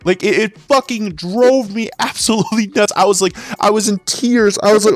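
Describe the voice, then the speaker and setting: A man's voice: high-pitched, unhurried, long pauses, no room sound, soft background music. Exasperated man ranting with swear words. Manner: exasperated, swearing, rambling with restarts. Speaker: former sales associate. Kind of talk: profane ranting monologue.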